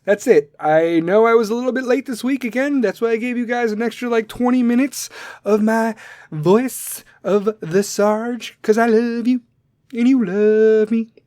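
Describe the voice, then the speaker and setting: A man hosting a segment, ranting bluntly and aggressively at listeners and swearing constantly, his volume swinging between loud and soft. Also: very high-pitched, moderate pace, no echo, clean studio sound. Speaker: podcast segment host. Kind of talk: profane rant to listeners.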